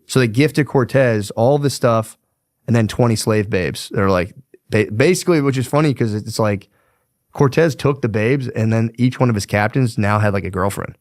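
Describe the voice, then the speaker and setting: Young male podcaster, low voice, dry close mic, slangy and swearing storyteller. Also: moderate pace, a little mellow, no room sound. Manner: profane, slangy, rambling with fillers. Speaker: podcast host. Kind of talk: casual history storytelling.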